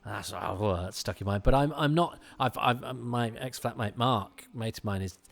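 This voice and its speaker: Rambling man, lowish voice. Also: moderate pace, creaky. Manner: rambling and self-interrupting, frequent restarts. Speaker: commentator on a classic TV episode. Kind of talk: casual commentary chat.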